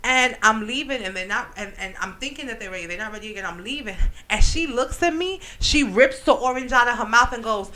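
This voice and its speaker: Bright-voiced laughing New woman. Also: on the high side, a little fast, few pauses, poor audio. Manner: animated, laughing, slangy. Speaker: radio show host and teacher. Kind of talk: casual radio banter and storytelling. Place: radio studio.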